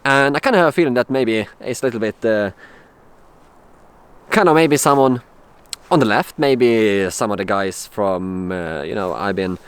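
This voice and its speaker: A young man from Sweden, telling a personal story in a casual vlog, halting with many fillers and restarts. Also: fairly low pitch, clear, resonant tone. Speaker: vlogger.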